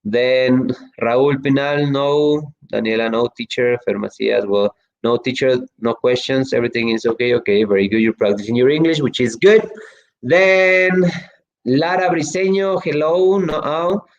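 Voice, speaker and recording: English teacher guy, rambly and chatty, lots of um and well, middle pitch, kinda muffled audio. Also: a little slow. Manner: chatty, lots of fillers and restarts. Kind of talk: online class, reading student chat.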